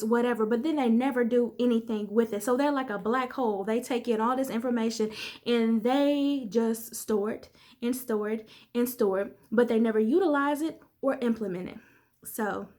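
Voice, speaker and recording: A woman life coach in her thirties, talking candidly and conversationally to viewers in a motivational vlog. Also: a little high. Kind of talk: casual motivational vlog talk.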